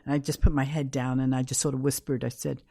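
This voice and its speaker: An older woman with a New York accent speaks in an extremely low, level voice, talking fast with vocal fry and a warm tone. She's an interview guest telling candid, anecdotal stories and acting out the quotes. The recording is clean studio sound with no echo.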